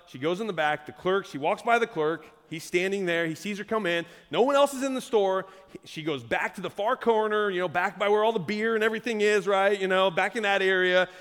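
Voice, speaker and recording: A man preaching a sermon as pastor, telling a story with lively quoted voices. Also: high voice, brisk, in a large hall.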